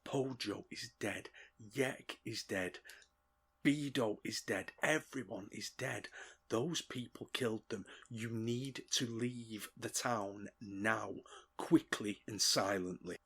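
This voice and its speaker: A man performs a low-voiced barbarian in whispered role-play, murmuring slow, urgent warnings to a captured goblin. The voice is husky and breathy, pitched fairly low. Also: fairly bright tone, full character voice. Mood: hushed, grim.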